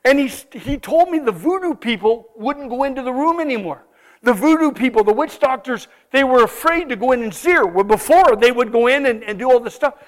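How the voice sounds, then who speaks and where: A man telling a missionary testimony to a congregation, animated and exclaiming often as he cues slides aloud. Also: very high-pitched, fairly quick. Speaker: visiting missionary speaker.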